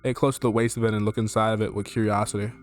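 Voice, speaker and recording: A man's voice: lowish voice, level tone, racing, a little hiss or hum. A man streaming a game from home, reading its text aloud and rambling in jokey, profane asides, easily startled. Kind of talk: casual let's play commentary, reading game text aloud. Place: at home with his dog.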